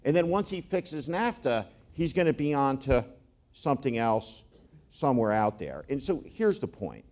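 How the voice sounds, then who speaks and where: A man's voice: mid-range voice, big pitch swings, moderate pace, a little mellow. A man speaking to an audience, telling joking anecdotes in a wry, conversational way with frequent restarts. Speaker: panel speaker. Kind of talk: conversational talk before an audience.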